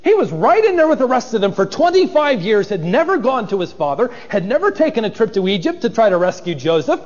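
A man's voice: high voice, sing-song, fast talker, in a large hall, dull audio. A man preaching an expository sermon, dramatic and acting out the voices of biblical figures.

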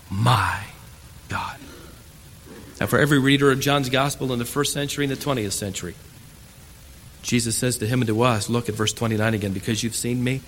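A man preaching a sermon as pastor, swinging from loud emphatic declarations to hushed, quiet lines. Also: medium pitch. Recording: echoey hall, faint room noise.

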